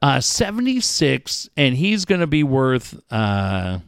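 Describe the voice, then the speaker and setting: A man's voice: mid-range voice, takes it slowly, clear, resonant tone, no room sound, studio quality. A man hosting a casual chat, telling stories with lots of swearing. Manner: profane, animated storyteller.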